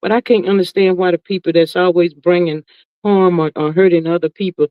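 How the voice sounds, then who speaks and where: A woman hosting a casual livestream, reading viewer comments aloud and reacting in a sassy, drawn-out way, calling everyone "child" and "honey". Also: fairly low pitch, steady tone, clean tone, no echo. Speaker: livestream host. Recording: dull, lo-fi, dry sound.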